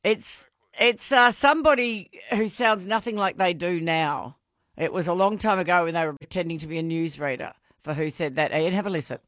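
Bubbly Australian female radio host, bright crisp tone, dry studio sound, runs a phone-in quiz. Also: lowish voice, normal speed, no room sound. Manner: bubbly, laughing often. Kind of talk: casual radio quiz chat.

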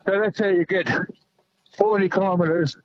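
An older Australian man calling in to a radio show while running, out of breath, earnest and halting. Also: high-pitched, steady tone, lo-fi sound. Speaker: caller. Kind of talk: casual phone chat while running.

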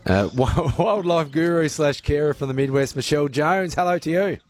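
A man hosting a talk radio show from a studio, relaxed and dotted with uhs. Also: fairly high pitch, normal speed. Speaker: radio host. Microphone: close studio mic.

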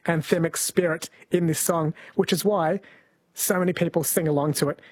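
A man's voice: on the high side, steady tone, normal speed, darkish tone, husky. A man co-hosting a comedy podcast, explaining at length in a lecturing tone. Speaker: co-host. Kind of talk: casual comedy podcast chat.

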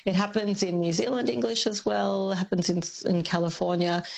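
Gravelly husky Australian woman. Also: medium pitch, fairly even intonation, normal speed, a little mellow. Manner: thoughtful, hesitant, many ums. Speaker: linguist guest. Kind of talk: radio interview.

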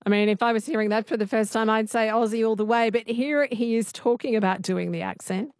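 A woman hosting an interview, asking relaxed and lightly joking questions. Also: fairly high pitch, fairly quick, no echo, clean studio sound. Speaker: interview host. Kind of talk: conversational interviewing.

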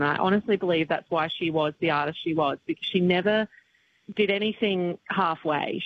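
Woman guest, country singer, rambly and emotional, lo-fi radio line with light hiss. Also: on the low side. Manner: tearful but laughing, rambling with fillers. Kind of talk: emotional phone-in radio interview. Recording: dull lo-fi radio line with faint noise.

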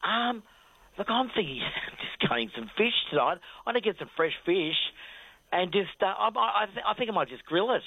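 A man's voice: high-pitched, normal speed, no echo, highs cut off. A man with an Australian accent reading a radio traffic report, then chatting casually with the host. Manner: steady rundown with hesitant fillers.

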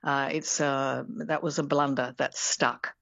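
A woman's voice: very deep voice, little pitch movement, measured pace, vocal fry, a bit bright, dry recording. A middle-aged woman, a linguistics professor explaining words in a radio interview, thinking aloud as she goes.

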